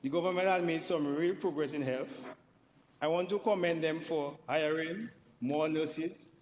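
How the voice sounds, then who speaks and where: A man's voice: on the high side, a little slow, darkish tone, big-room sound, low-quality recording. A man giving a parliamentary debate speech, emphatic and repeating words for stress. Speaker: member of parliament. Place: parliament chamber.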